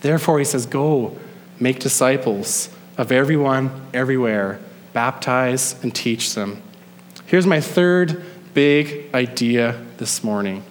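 A male pastor preaching a sermon, emphatic, slowing down to stress key phrases. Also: medium pitch, lively intonation, in a large hall, a little hiss or hum. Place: church sanctuary.

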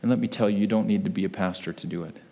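A man preaching a sermon as a pastor, telling a story with lively acted-out voices. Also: lowish voice, rapid-fire.

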